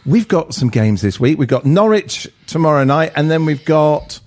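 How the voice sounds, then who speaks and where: A man's voice: on the high side, big pitch swings, normal speed. An English man hosting a football podcast, steering the conversation with light teasing. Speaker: podcast host. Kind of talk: casual chat.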